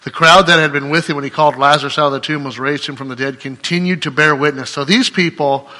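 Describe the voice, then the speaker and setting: A man's voice: fairly high pitch, fairly even intonation, quick pace, bright, forceful tone. Emphatic preacher man in an echoey hall. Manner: emphatic, conversational preaching with rhetorical questions. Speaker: pastor. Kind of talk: sermon.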